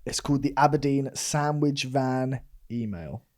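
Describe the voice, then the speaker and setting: A man's voice: mid-range voice, a little slow. A man co-hosting a podcast, telling a story in a chatty way and laughing often. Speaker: podcast co-host. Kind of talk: casual chat.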